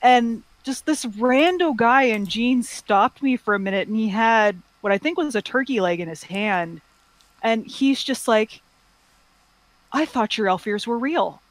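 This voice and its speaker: A woman telling stories in a casual chat, relaxed with quick asides. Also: fairly high pitch, no echo. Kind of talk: casual chat about cosplay.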